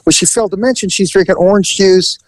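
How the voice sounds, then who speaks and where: A man hosting a podcast, telling an animated story in casual chat, acting out the voices and laughing as he goes. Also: sits high, quick pace, dry recording, poor audio.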